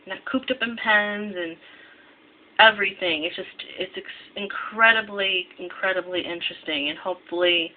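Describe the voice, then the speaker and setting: Young Midwestern woman, culinary student vlogger; tired, rambling, self-correcting; tinny lo-fi phone-like audio. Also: medium pitch. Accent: American Midwest. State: tired, half asleep. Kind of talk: casual vlog talk to camera. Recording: tinny lo-fi with faint hiss.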